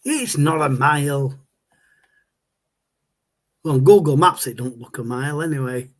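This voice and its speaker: A man's voice: a little high, animated, a little slow. A man, hosting a casual livestream and rambling as he answers viewer chat. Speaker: livestream host.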